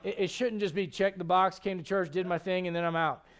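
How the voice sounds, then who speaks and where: A man in his thirties delivers a Sunday sermon with a noticeably high voice. He is animated and conversational, often restarting his sentences as he talks. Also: brisk. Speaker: pastor.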